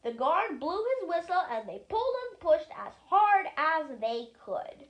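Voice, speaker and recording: A reader giving a lively, expressive storybook reading aloud. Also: extremely high pitch, unhurried.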